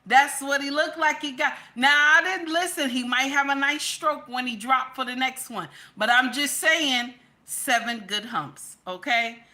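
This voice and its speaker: Emphatic woman commentator, bright, slightly high voice, chatty and direct. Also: a little slow. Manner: chatty and emphatic, keeps repeating "okay?"; addresses viewers directly as "baby" and "y'all". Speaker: social media commentator. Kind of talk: casual live commentary.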